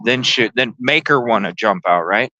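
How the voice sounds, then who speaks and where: A man's voice: mid-range voice, lively intonation, normal speed, bright, forceful tone, no room sound, muffled recording. A man hosting a podcast, telling a story casually and animatedly, swearing and acting out the voices. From lived in Chicago. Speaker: podcast host.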